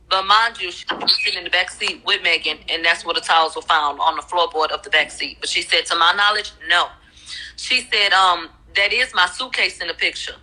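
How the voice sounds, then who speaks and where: Casting: woman, very bright tone, casual chatty recap of a trial. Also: medium pitch, poor audio. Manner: retells questions and answers in a chatty run-on way. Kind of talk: casual retelling of court testimony.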